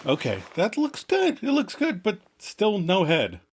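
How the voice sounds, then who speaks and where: A man's voice: high-pitched, huge pitch swings, a little slow, slight background noise, pitched above the performer's own voice, heavily acted. A man playing a flustered divorced father fussing over a dummy of his son in a comedy sketch. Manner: flustered, eager to please.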